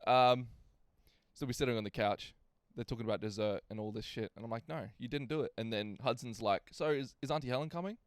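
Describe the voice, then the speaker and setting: A man's voice: medium pitch, fast talker, clear, resonant tone, no room sound, clean studio sound. A young man telling a casual, sweary story on a podcast and acting out what other people said. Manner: swearing, acts out quotes in other voices. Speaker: podcast co-host.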